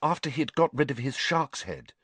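A man voicing a clever, bossy teenage schoolgirl witch, talking quickly and emphatically. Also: a little high, big pitch swings, a bit bright, slightly rough, no room sound, pitched above the performer's own voice, full character voice. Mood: puzzled.

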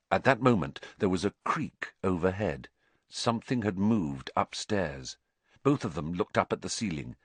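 A man with a low voice narrates a story with dramatic, expressive delivery, his pitch rising and falling widely. He is recorded close on a studio mic in a dry, dead room. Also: normal speed, breathy edge, dry recording. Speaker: audiobook narrator. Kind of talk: scripted narration.

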